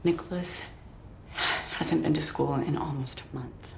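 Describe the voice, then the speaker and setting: An actress playing an anxious mother who talks in a halting, half-whispered way about her son. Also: low voice, steady tone, vocal fry, a little hiss or hum. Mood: strained.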